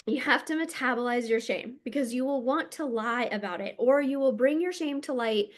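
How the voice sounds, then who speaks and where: A woman's voice: high voice, expressive, fairly quick. A woman healer and coach giving a casual teaching monologue, blunt and emphatic, swearing freely.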